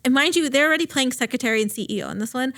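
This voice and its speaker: A woman's voice: sits high, very fast. A woman recapping a TV series on a podcast in casual, filler-heavy chat, swearing and acting out quotes. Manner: chatty, lots of fillers, swears, animated quoting. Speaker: podcast co-host.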